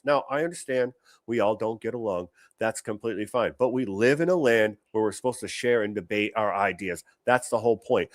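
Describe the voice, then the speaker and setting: A man's voice: medium pitch, animated, brisk, dry recording, clean studio sound. A man hosting a political commentary livestream, brash and mocking, swearing freely. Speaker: show host.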